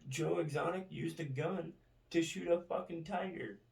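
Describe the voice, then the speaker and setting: A man's voice: on the high side, normal speed, gravelly, darkish tone. A man vlogging in a profane, rambling monologue, tagging his lines with "right?". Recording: roomy, distant from the mic.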